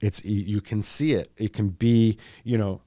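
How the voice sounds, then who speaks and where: Young guy rambling on his podcast, lowish voice, dry close sound. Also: fairly even intonation, normal speed, dark tone, no room sound. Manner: chatty, loose and rambling, with joking asides. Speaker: podcast host. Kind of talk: casual monologue.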